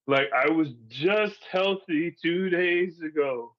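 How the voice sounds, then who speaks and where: A man's voice: a little high, takes it slowly, muffled recording. A man in his forties from Seattle, candidly telling his own survival story in casual, profane storytelling, laughing through the hard parts. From Seattle, United States. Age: 40s.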